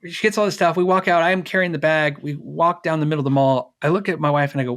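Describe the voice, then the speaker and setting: A man's voice: fairly high pitch, fast, few pauses, a bit bright. A middle-aged man, a guest on an interview, telling a personal story casually, acting out the dialogue with fillers and laughs.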